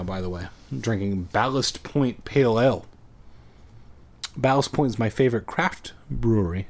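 A man's voice: medium pitch, darkish tone. A man hosting a podcast, reading a spooky children's book aloud with irreverent, profane comic asides.

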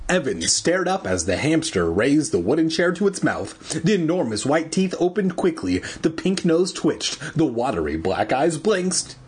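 A man's voice: fairly high pitch, sing-song, measured pace, a little mellow, husky. A man reading a storybook aloud at home, with irreverent, swearing asides. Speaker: reader.

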